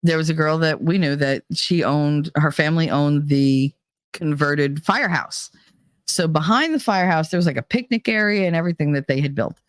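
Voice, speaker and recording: Lively storytelling woman, low voice. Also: normal speed, no room sound, clean studio sound. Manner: animated, swears, mimics others' voices. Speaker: channel host. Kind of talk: casual storytelling chat.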